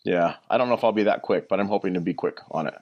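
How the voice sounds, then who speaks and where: A man co-hosting a podcast in casual chat, reacting quickly and with enthusiasm. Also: sits low, muffled recording. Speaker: guest co-host.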